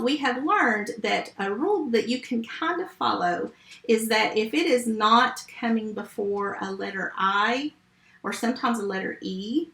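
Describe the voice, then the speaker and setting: A woman's voice: fairly high pitch, gravelly, fairly bright tone, reverberant. A woman teaching a first grade phonics lesson remotely, patient and step by step. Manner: slow, patient, step-by-step teaching to young children.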